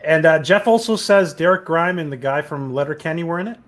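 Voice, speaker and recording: A man hosting a live interview show, reading out viewer questions and comments to his guests. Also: fairly high pitch. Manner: brisk, reads out questions. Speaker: host.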